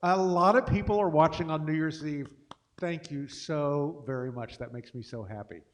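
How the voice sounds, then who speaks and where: A middle-aged man with a slightly high voice speaks at a moderate pace while hosting a casual livestream. He's a singer-pianist who chats between songs in a rambling, self-deprecating way.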